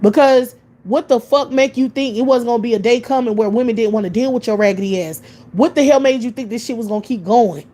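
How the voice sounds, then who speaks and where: Woman, from the United States, higher-pitched, scornful rant, heavy swearing, repeated rhetorical questions. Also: fast talker, mellow. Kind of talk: profane ranting monologue.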